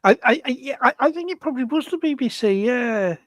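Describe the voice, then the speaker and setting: A man in his seventies, a guest chatting casually on a video call, halting and repeating words, laughing easily. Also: extremely high pitch, lively intonation, fairly bright tone, dry recording. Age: 70s. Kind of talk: casual chat on a live video show.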